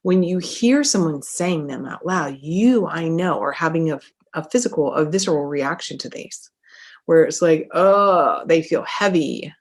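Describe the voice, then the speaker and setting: A woman's voice: sits low, moderate pace, darkish tone. A woman life coach hosting her own podcast, talking energetically and emphatically, repeating phrases for effect in a motivational monologue.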